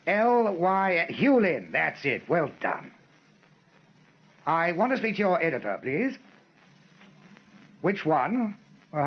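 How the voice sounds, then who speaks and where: An actor playing an eccentric older aristocratic lord, genial and teasing on the telephone. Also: male voice, fairly high pitch, lo-fi sound. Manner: plummy, teasing, genteel.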